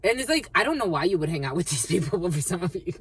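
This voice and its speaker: A woman's voice: on the low side, very animated, rapid-fire, husky. A woman giving a collective tarot reading, rambling and free-associating, repeating phrases and swearing freely. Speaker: tarot card reader.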